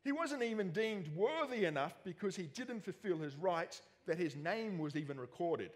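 A man with an Australian accent preaching a sermon in a church, jokey and animated with self-mocking asides. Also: high voice, normal speed. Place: church hall. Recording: long church hall reverb.

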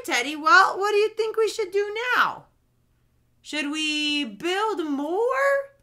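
Slow, lively sing-song woman teacher. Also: high-pitched. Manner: slow, sing-song, exaggerated speech sounds. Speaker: children's speech teacher. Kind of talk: playful lesson for young kids. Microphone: camera in front, leaning close at times.

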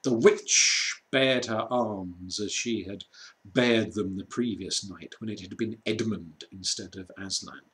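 Slow, measured man reading a storybook. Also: on the low side, fairly bright tone. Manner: slow, measured, dramatic pauses. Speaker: reader. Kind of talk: storybook read aloud.

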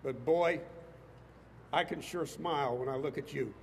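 Male politician, passionate rally speech, slightly high voice, long reverb off the PA, faint noise. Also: a little slow. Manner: impassioned, rising to emphatic bursts. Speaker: state legislator addressing a rally. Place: outdoors on capitol steps before a crowd.

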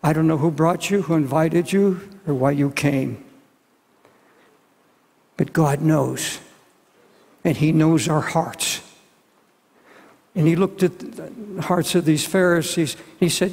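A man's voice: fairly high pitch, slow, long pauses, darkish tone. A man in his seventies preaching a sermon as pastor, earnest and pleading, often repeating his words. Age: 70s. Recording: long hall reverb.

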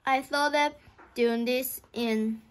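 An eager, mischievous schoolboy full of schemes, as a woman reads him aloud. The pace is slow and the voice slightly high, in a children's storybook reading. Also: steady tone, clean tone.

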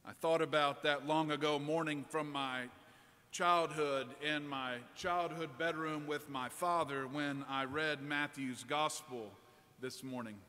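Bright-voiced preacher in a church. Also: male voice, on the high side, measured pace. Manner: relaxed storytelling, conversational. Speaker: priest preaching. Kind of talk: sermon with a personal story. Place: large church. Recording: long church reverb.

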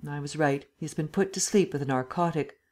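A woman's voice: low-pitched, brisk, darkish tone, lightly acted. A woman voicing a matter-of-fact doctor in an audiobook, plain and factual.

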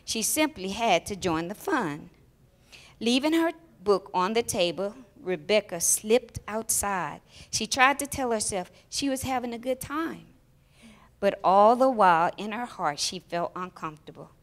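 A woman telling a children's story aloud during a church service, with expressive, emotional storytelling. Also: mid-range voice, unhurried.

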